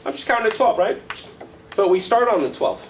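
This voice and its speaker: A man who plays flamenco guitar, teaching a workshop in a casual, animated way, telling stories and counting beats aloud to a live audience. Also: sits high, a little fast, noisy background. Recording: guitar playing clearly heard behind voice.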